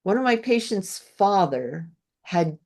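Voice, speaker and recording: A woman's voice: medium pitch, animated, takes it slowly, a little mellow. A woman interviewing a guest, reacting with enthusiastic, affirming remarks and then telling her own stories. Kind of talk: conversational interview.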